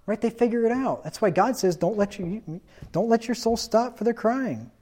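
A man's voice: high voice, animated, moderate pace, mellow. A man preaching a sermon in a stern, insistent tone, reading scripture aloud and asking rhetorical questions.

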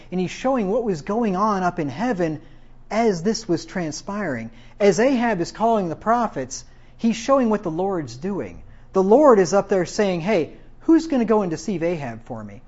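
A man's voice: sits high, a little mellow. A man teaching from the Bible, reading verses aloud and then retelling them in plain, slangy everyday talk. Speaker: preacher. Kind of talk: Bible teaching with casual paraphrase. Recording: dull lo-fi sound.

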